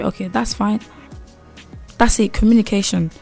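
In a casual advice monologue about growing up, a young woman vlogger addresses her audience in a warm, steady, mid-pitched voice with some vocal fry. She stresses and repeats key words, tosses in frequent "okay?" check-ins, and soft music runs beneath her.

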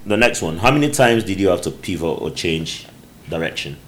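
A man's voice: low-pitched, expressive, a little fast. A man hosting a casual podcast conversation, playful and teasing, laughing often. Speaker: podcast host.

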